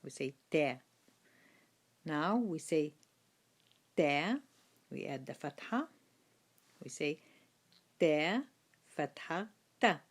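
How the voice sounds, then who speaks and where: A woman teaching Quran reading in a slow lesson, patiently sounding out each letter with its vowels and repeating it. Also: sits low, expressive.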